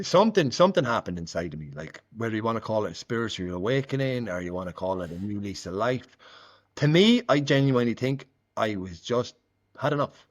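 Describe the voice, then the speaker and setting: A man talks through his own recovery story in a relaxed interview. He is candid and conversational, peppering his speech with fillers and slipping into the voices of the people in his account. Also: on the low side. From Ireland. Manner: candid, frequent "like" fillers, acts out quoted dialogue. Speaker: guest sharing recovery story.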